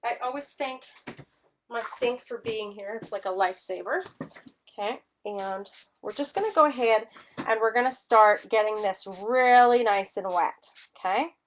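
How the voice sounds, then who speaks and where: A woman's voice: a little high, normal speed, a little hiss or hum. A woman teaching a live-streamed mixed media art class, chatty and enthusiastic as she demonstrates. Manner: chatty and enthusiastic, gushing over colors.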